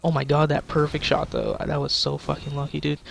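Gravelly young man swearing at a game. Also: fairly high pitch, monotone, brisk. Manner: swearing, frustrated, joking, talking to chat. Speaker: gaming YouTuber. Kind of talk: casual gameplay commentary.

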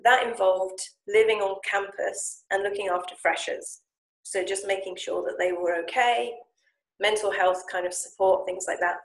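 A woman telling a casual story as a language coach, animated and quick to act out quoted voices. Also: mid-range voice, gravelly. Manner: lively, animated retelling with acted-out quotes. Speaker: Japanese speaking coach and founder. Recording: echoey room.

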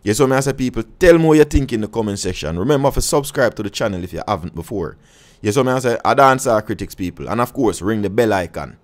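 A man's voice: lowish voice, expressive, quick pace. A man with a Jamaican accent giving casual commentary on dancehall music to his viewers, speaking heavy patois, rambling with frequent restarts and checking in with his audience. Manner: patois-heavy, keeps asking "you see me I say".

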